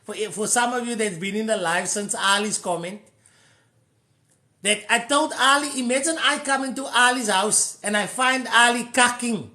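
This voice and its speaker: South african guy on a live stream giving earnest advice, bright voice, echoey room. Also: extremely high pitch, normal speed. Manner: earnest, switching into Afrikaans phrases. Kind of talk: casual advice talk to a live audience.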